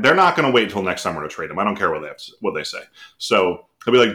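A man co-hosting a casual podcast, with a dry, deadpan sense of humor. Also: sits low, fast talker. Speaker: podcast co-host.

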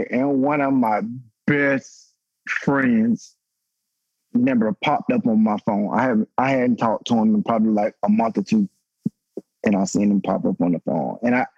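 A slightly mellow male voice belongs to a man in his thirties, once a football player, who shares a raw and emotional story on a podcast panel. He swears freely, and his pitch climbs when he's stirred. The recording is dry and muffled.

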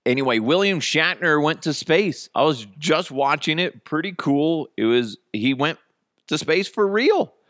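A man's voice: on the high side, expressive, a little slow, a bit bright, no echo, clean studio sound. A man in his thirties hosting a casual solo podcast, rambling and cursing with self-mocking humor. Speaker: podcast host. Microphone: headphones and studio mic.

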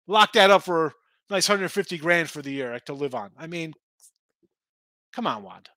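A man hosting a sports betting show, chatting casually and answering viewer comments in a rambling, excitable way. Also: fairly high pitch, moderate pace, long pauses, no echo. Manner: rambling, excitable, talks back to chat. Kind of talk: casual live-stream chat reading viewer comments.

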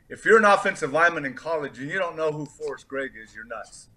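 A man's voice: a little high, fast. A middle-aged man from California, a former football player telling stories as a podcast guest and acting out the people he quotes. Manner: animated storyteller, acts out quoted voices. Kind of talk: storytelling in a podcast interview.

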